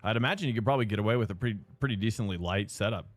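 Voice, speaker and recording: A man's voice: fairly low pitch, rapid-fire, no echo. A young man streaming a sim race live, rambling and chatting with viewers. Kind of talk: live stream chat while racing.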